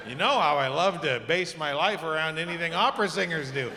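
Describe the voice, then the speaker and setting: A middle-aged man doing a stand-up comedy set, telling stories in an animated, exasperated way with sudden high outbursts and a slightly sore throat. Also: quick pace, few pauses, slight background noise. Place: theatre stage before a live audience. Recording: live theatre recording with long hall reverb and audible audience.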